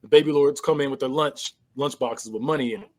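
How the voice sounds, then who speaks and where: Speaking a little fast in a medium-pitched voice, a man goes over a movie in a casual podcast chat. He tells the story vividly, voicing the characters' lines with laughs mixed in.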